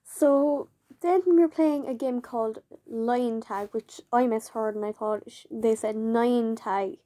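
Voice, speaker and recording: A woman's voice: a little high, steady tone, unhurried, mellow. A woman casually telling a personal story to camera, chatty and fond of saying "like" as she recounts what others said. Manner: chatty, leans on "like" and acts out quoted dialogue. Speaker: vlogger.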